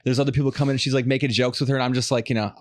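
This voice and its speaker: A podcast host from the Los Angeles area spins long, profane stories in casual conversation, ranting quickly. His voice is medium-pitched and level in tone.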